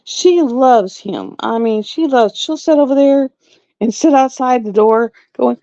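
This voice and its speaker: A woman's voice: on the high side, unhurried, mellow, no echo, lo-fi sound. A woman from the chatting casually at home on a live stream, rambling and repeating herself. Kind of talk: casual chat. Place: home with pets.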